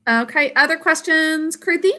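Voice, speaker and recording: A woman teaching her class over a video call, patient and encouraging as she walks through each word step by step. Her voice is bright and somewhat high, with a forceful edge. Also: normal speed. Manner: explains step by step. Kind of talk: classroom instruction.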